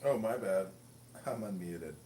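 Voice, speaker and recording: A man's voice: on the low side, expressive, unhurried, dark tone, reverberant, slight background noise. A man hosting a joking chat on a social audio app, reciting mock-solemn verse between crude jokes. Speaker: host.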